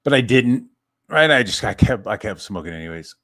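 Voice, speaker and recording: Low-voiced man rambling through a profane story. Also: lively intonation, a little fast, fairly bright tone. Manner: rambling, profane, self-interrupting. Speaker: streamer. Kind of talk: casual storytelling.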